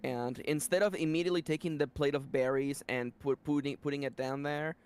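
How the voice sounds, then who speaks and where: A man narrating a tabletop role-playing game as game master, setting scenes in an animated, playful way. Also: on the high side, fairly quick, clean tone.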